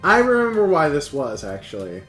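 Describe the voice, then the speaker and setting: Man, casual stream host, giggly, rambling, lively pitch, roomy echo. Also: normal speed, faint music behind. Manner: giggly, rambling, laughs often. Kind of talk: casual chat on a live stream.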